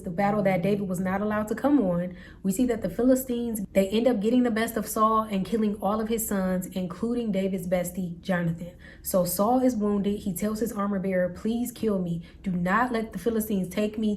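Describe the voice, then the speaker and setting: A woman's voice: medium pitch, a little mellow, slight background noise. A woman hosting a Bible reading show, retelling scripture in a casual, slangy, conversational way with playful quoted voices. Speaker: Bible study host.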